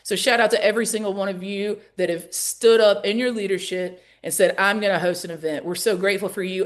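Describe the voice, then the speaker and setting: Energetic Southern woman hosting a rally call. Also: medium pitch. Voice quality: lively, folksy, calls out to the audience. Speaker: call host and organizer.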